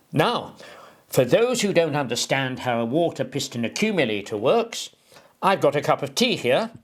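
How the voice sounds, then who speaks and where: A man giving an informal engineering explainer, rambling and digressive, with homely analogies and emphatic delivery. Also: a little high. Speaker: presenter explaining an engineering idea.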